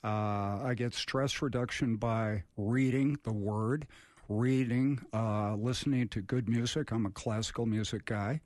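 A man's voice: fairly low pitch, steady tone, unhurried, a little mellow, no echo. A man co-hosting a recovery radio show in a studio, blunt and plainspoken with wry humor. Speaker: radio co-host.

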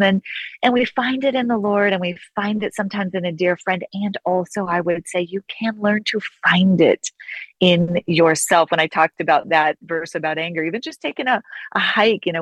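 A woman guest, an author and counselor, talking in an earnest, reflective way in an interview and slowing down to stress key phrases. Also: fairly low pitch, dry recording, poor audio. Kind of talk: conversational interview.

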